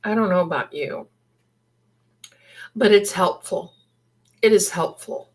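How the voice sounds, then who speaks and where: A woman's voice: mid-range voice, slow pace, poor audio. A middle-aged woman hosting a livestream, chatting in a rambling, casual way and thinking aloud. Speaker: livestream host.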